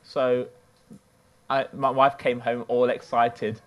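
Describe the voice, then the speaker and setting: A man delivers a sermon as a relaxed storyteller, chatting his way through an everyday tale. He talks at a middle pitch, neither deep nor high. His delivery is loose and conversational rather than formal. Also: slow. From United Kingdom. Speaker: preacher.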